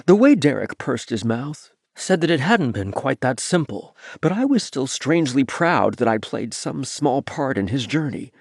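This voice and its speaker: A man narrating a first-person novel as an audiobook, reading in an expressive way. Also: mid-range voice, moderate pace, vocal fry, few pauses, dry recording, studio quality.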